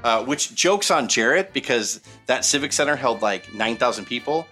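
A man's voice: medium pitch, normal speed, soft background music. A man casually telling long, rambling anecdotes on a podcast, full of fillers and quoted voices. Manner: rambling, animated, many fillers. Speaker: podcast co-host telling stories. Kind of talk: casual storytelling chat.

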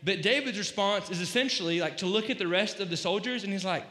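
A man giving a casual, animated sermon, joking and acting out quoted lines as he retells a story. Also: high voice, fast. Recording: echoey hall, voice slightly distant.

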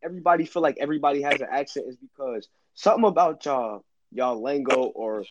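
A man hosting a podcast, chatting casually in animated banter with lots of slang. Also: medium pitch, quick pace, highs cut off, noisy background. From New York. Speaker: podcast host. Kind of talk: casual chat.

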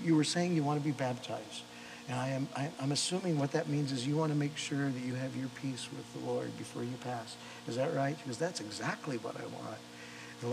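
A male pastor preaching a sermon, telling a story with animated delivery, acting out the voices of the people in it and often restarting his words. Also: medium pitch, creaky, noisy background. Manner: animated storyteller, acts out quoted voices, frequent repeated starts. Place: church or chapel service.

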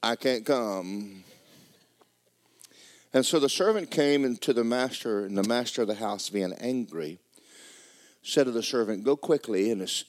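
Preacher man, loud then hushed. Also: fairly low pitch, no room sound, studio quality. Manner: loud preaching that swings to quiet, joking asides. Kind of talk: sermon.

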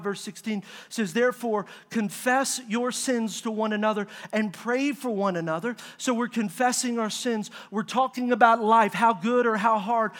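A middle-aged man preaching a sermon, telling a family story with lively asides and calling out questions to the congregation. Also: high voice. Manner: animated storytelling with audience call-outs. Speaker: pastor.

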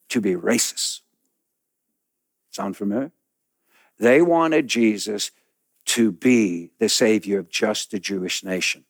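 A pastor preaching a sermon, telling a story dramatically and acting out the people in it. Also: male voice, mid-range voice, dry recording, studio quality.

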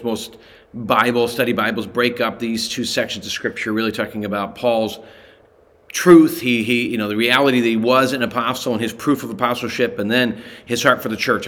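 A man leads a weekday Bible study in an easy, chatty way, with a voice of ordinary middle pitch. He catches his own slips and restarts his sentences as he talks through the passage. The overall sound is informal and unhurried teaching rather than a formal sermon. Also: fairly bright tone. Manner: casual and conversational, often correcting himself mid-sentence.

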